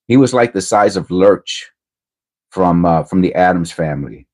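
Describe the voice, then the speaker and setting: A man's voice: deep voice, expressive, normal speed, darkish tone. A middle-aged man hosting his livestream, telling a rambling personal story in a casual, hesitant way with lots of fillers. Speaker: livestream host.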